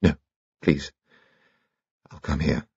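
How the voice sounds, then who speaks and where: A man voicing a tired, anxious society lady who speaks softly and wearily. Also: a bass voice, fairly even intonation, slow pace, slightly rough, dry recording, muffled recording, full character voice. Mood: weary.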